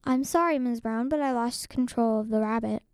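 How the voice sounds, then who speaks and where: An eager, earnest young boy in a storybook, as a woman reader puts him on. His voice sits a little high and is heard dry and close. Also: moderate pace, smooth, no room sound, close to an everyday voice. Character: boy eager to earn money for a horse.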